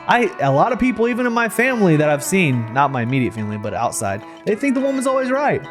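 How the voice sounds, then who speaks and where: Young man, slightly high voice, joking reaction chat, faint music under. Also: a little fast. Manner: joking, animated, playful voices. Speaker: co-host reacting to a video.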